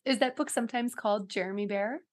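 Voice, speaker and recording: A woman's voice: mid-range voice, fast talker. A woman interview host asking a guest questions in a casual, encouraging way.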